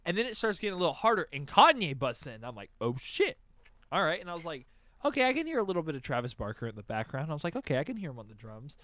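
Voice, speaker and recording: A young man chatting casually on a podcast, telling a story and acting out his own excited reactions. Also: a little high, racing. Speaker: podcast co-host. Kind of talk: casual chat, album reaction.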